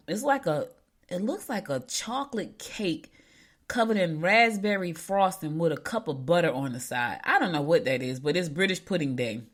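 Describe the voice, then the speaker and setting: A middle-aged woman hosting a local show, telling stories in a rambling, chatty way. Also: lowish voice. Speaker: local radio show host. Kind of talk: casual chat.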